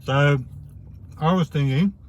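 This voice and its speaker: A man's voice: fairly high pitch, unhurried. Chatty Australian man reviewing burgers. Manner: rambling, chatty, slangy. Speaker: food reviewer. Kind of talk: casual food review vlog.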